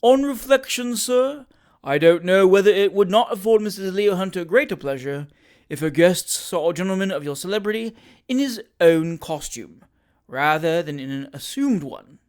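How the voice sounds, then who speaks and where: A reader voicing a grave, pompous gentleman who speaks formally and effusively in an audiobook. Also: medium pitch, expressive, moderate pace, close to an everyday voice. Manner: formal, effusive, repeats sir. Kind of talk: audiobook character reading.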